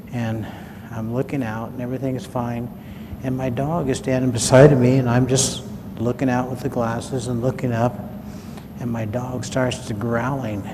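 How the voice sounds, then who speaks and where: A man speaking at a conference, telling a personal story in a folksy, chatty way into a handheld mic. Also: medium pitch. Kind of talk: storytelling talk. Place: large conference hall. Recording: reverberant hall, faint noise.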